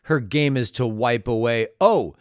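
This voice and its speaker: A man's voice: medium pitch, measured pace, clear, resonant tone, no echo, clean studio sound. A man co-hosting a podcast in casual chat, goofy and riffing, putting on silly voices for bits. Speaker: podcast co-host.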